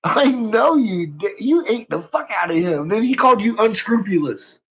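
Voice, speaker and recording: A man's voice: high voice, lively intonation, moderate pace, fairly bright tone. A man ranting on a live stream in casual, profane talk, laughing often and calling out to his viewers by name. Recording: muffled lo-fi recording.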